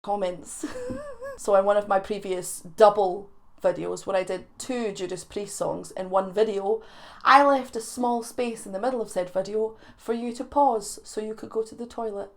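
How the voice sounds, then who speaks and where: A young Scottish woman chatting straight to her viewers in a playful, teasing way. She laughs easily and breaks into quick asides. Her voice sits in a middle pitch. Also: steady tone. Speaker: YouTube reaction host. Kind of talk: chatty vlog to camera.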